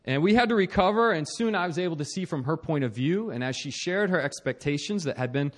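A young man telling a personal story about his marriage in an animated, self-mocking way, with frequent restarts and chuckles. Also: a little high, quick pace. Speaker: speaker sharing a marriage story.

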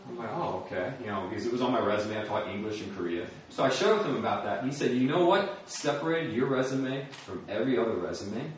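A man's voice: medium pitch, animated, quick pace, few pauses, a little hiss or hum. A middle-aged man from the United States giving a sermon testimony, telling his story and laughing often. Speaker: speaker at a church or campus ministry gathering. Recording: echoey room from far off.

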